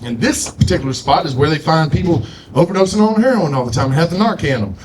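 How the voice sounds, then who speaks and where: A man's voice: on the high side, expressive, quick pace. A man doing a stand-up comedy set, telling loose stories with frequent asides to the crowd. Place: comedy showcase stage.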